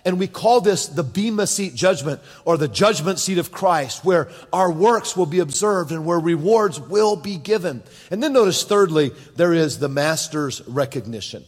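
A man's voice: high voice, lively intonation, moderate pace, husky. Man preaching in an echoey church. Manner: preaching with quoted voices and asides to the congregation. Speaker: pastor. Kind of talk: sermon.

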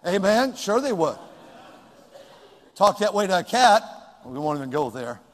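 High-voiced older male preacher, echoing hall. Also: sing-song, unhurried. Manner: swings from shouting to near-quiet asides. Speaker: pastor. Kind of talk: sermon. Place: church sanctuary. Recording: long reverb in a large room.

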